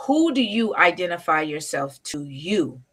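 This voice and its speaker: Excitable woman host on a live video call, crisp bright tone, effusive and laughing. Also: fairly low pitch, unhurried. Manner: gushing, exclaiming and laughing. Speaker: show host. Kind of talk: casual live interview. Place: outdoors in wind.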